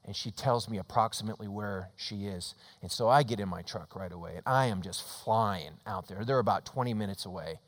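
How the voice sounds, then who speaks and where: A middle-aged man preaching in a church, his voice carried by a long, ringing reverb. He tells his story with dramatic swings, rising to loud emphasis and then falling to a hushed, close tone. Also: fairly low pitch, brisk, few pauses. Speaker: pastor. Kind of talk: sermon. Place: church sanctuary.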